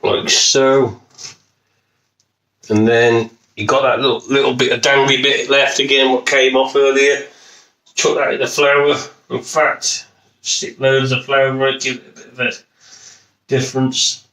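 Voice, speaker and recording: In an echoey home kitchen, a home cooking video host from Wolverhampton talks through a recipe casually, with the odd swear word, plenty of jokes and a lot of rambling. His West Midlands voice is medium-pitched, level, a little slow, pushed and bright, and he is off-mic.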